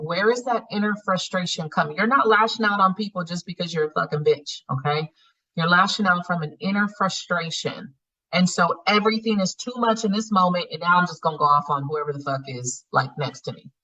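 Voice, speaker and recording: A woman facilitating a spiritual healing class, coaching her students in a blunt, profane, animated way and laughing often. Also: lowish voice, far from the mic, lo-fi sound. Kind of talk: live online class teaching.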